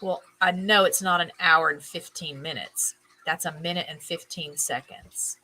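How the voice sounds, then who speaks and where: A woman's voice: deep voice, normal speed, pushed and bright, rough recording. A woman hosting a casual stream, reading items aloud, tripping over names, and adding chatty musing asides. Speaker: host.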